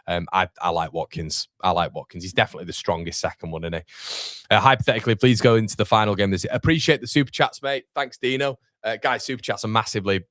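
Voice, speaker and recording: A young Yorkshire man hosts a live football watchalong as a streamer, chatting casually, reading viewer comments out loud and calling people mate. His voice is fairly low and fairly bright, and he talks fast. The studio-quality recording has no room sound.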